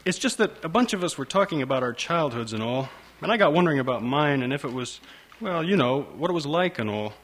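A man voicing a withdrawn twenty-four-year-old ballplayer who talks hesitantly and flatly. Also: on the high side, fast talker, voice pushed up. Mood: subdued. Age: 20s. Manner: lifeless, hesitant. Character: subdued, withdrawn young ballplayer son.

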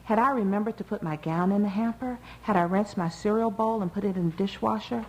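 A woman narrating a novel in a measured, expressive reading. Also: mid-range voice, dull audio. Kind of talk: audiobook narration.

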